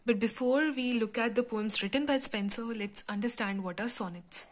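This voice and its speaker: A woman teaching a literature class, explaining step by step in a patient lecture style with frequent pauses and fillers. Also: on the high side.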